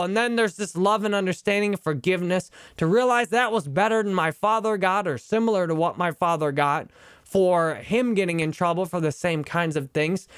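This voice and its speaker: A man's voice: sits high, a bit bright, clear, resonant tone, no room sound, clean studio sound. A man in his thirties, an online instructor, talking earnestly and openly about a book and his own life. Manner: earnest, personal, emotionally open. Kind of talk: reflective book review talk.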